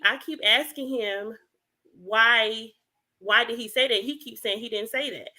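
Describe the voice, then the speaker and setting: A woman on a podcast, telling a parenting story in a lively way and acting out the dialogue. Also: fairly high pitch. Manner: animated storyteller, acts out dialogue. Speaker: podcast guest. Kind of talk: casual podcast chat.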